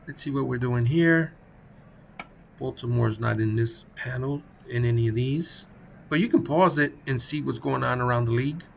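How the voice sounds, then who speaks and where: This gaming channel host has a medium-pitched, slightly bright voice with vocal fry, and there's slight background noise. He delivers casual, joking play-by-play of a baseball sim in a chatty, playful way.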